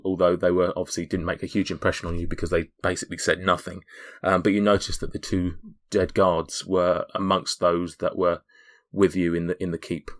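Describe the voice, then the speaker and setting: A man narrating as game master, hesitant and full of pauses. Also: sits low.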